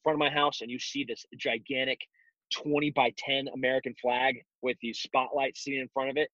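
A man's voice: mid-range voice, level tone, a little fast, fairly bright tone, no echo. A man talking bluntly in an interview, telling stories with mocking asides. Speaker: guest, self-defense instructor. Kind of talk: casual interview talk. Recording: dull lo-fi recording.

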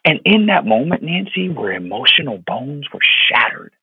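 Earnest pastor on a tinny phone line. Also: male voice, mid-range voice, sing-song, normal speed, husky, no room sound. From Florida. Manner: earnest, heartfelt, with many fillers and repeated words. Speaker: pastor, podcast guest. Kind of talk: personal storytelling in an interview.

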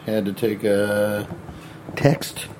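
A man's voice: lowish voice, completely flat delivery, drawn-out words, a little mellow, slight background noise. A male comedian rambling casually in a joking, profane way while vlogging.

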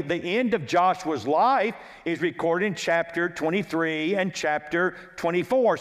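A male pastor preaching an expository sermon, methodically walking through chapter and verse references and repeating key lines for emphasis. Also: high-pitched. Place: church sanctuary. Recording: long church hall reverb.

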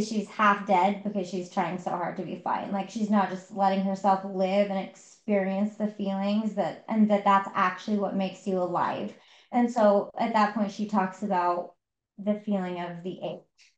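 A woman's voice: medium pitch, reverberant, muffled recording. A woman co-hosting a podcast, casually retelling a book's story with many fillers. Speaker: podcast co-host. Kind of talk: casual book discussion.

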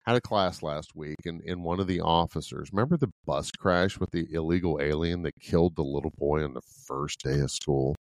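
Middle-aged male podcast co-host, very low voice, blunt and profane, dry close sound. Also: fairly quick, few pauses, a little mellow, dry recording. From Ohio, USA. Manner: blunt, profane, laughs often. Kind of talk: casual podcast chat.

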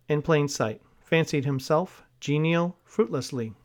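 A man slowly reading a vocabulary list aloud, word by word, pausing to spell some words and note the hyphens. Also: fairly high pitch. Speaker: vocabulary reader.

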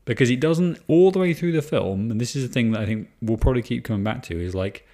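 A man's voice: medium pitch, animated, fast, warm tone. A man co-hosting a casual film review chat, rambling with restarts and swearing for emphasis. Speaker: podcast co-host.

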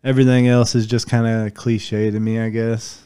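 A man's voice: medium pitch, flat delivery, moderate pace, mellow, clean tone. A man with a Southern US accent, chatting casually as a podcast guest in a loose, rambling way full of filler words.

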